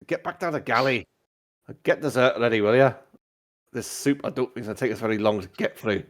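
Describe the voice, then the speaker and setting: A man's voice: mid-range voice, brisk, slight background noise, natural voice. A man voicing a commanding woman ship captain in a tabletop game, curt and bossy in manner.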